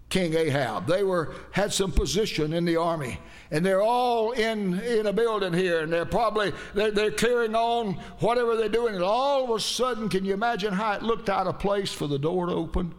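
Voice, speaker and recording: Male preacher with a high voice, folksy storyteller who keeps checking in with the congregation. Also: normal speed. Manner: folksy, dramatic retelling with asides to the audience. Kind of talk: storytelling sermon.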